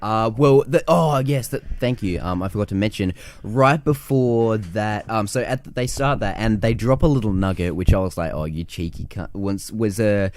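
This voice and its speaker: A man co-hosting a casual film podcast, animated and swearing as he acts out movie scenes. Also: lowish voice, moderate pace, hardly any pauses. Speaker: podcast co-host.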